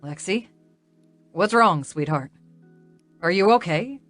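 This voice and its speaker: Woman playing a smooth-drawling protective boyfriend, soothing, unhurried, audiobook. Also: on the low side, animated, a bit bright, soft background music. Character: calm protective young man, soothing lover.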